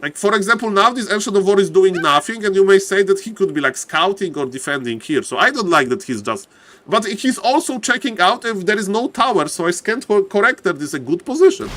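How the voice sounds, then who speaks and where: A man casting a strategy game live on stream, excitable and chatty, often shouting with excitement and thanking viewers by name. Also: brisk. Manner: excitable, repeats "ladies and gentlemen", bursts into high-pitched shouts. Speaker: game caster. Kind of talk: live-streamed esports commentary.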